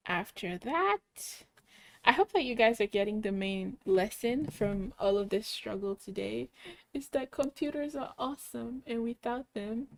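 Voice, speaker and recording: A young woman slowly talking kids through a coding puzzle, muttering each step and cheering when it works. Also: fairly high pitch, no echo, low-quality recording. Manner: cheerful, muttering steps aloud, excited yays. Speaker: coding club instructor. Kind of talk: slow think-aloud coding walkthrough for kids.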